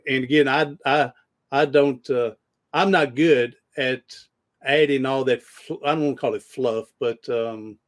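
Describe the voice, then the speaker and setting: A man's voice: medium pitch, fairly even intonation, measured pace. A man hosting a podcast, telling rambling stories in casual conversation with frequent restarts. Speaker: podcast host.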